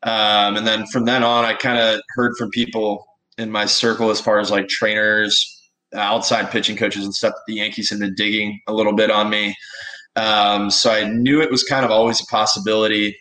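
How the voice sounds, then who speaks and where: A young man from Texas, a guest telling stories in a relaxed, casual interview, with many fillers. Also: on the low side, normal speed, low-quality recording. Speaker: guest, baseball pitcher.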